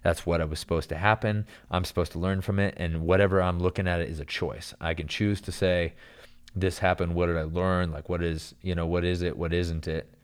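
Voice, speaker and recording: Deep-voiced man telling a rambling story. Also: a little fast, smooth. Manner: animated, rambling, says "dude" and "like" a lot. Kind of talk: casual storytelling chat.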